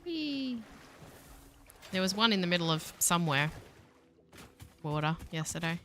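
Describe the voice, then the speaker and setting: Bright-voiced Australian woman streaming a game. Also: lowish voice, fairly even intonation, brisk, slight background noise. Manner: chatty, playful, talks to her chat as she plays. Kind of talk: casual live-stream chat while gaming.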